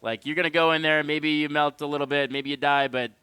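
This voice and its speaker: A man casting an esports match, running play-by-play and bursting with excitement at big plays. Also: fairly high pitch, fast, clear, resonant tone, no room sound. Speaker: esports caster. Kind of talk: esports commentary.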